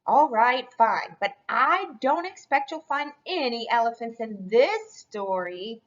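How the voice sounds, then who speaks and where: A woman's voice: on the high side, big pitch swings, takes it slowly, muffled recording. A woman voicing a patient papa chicken.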